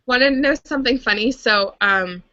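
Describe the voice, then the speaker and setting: A woman's voice: a little high, normal speed, sharp tone, no room sound, muffled recording. A young woman hosting a casual live chat about a book and its TV series, rambling with lots of fillers and restarts. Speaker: host of a live book and TV fan stream.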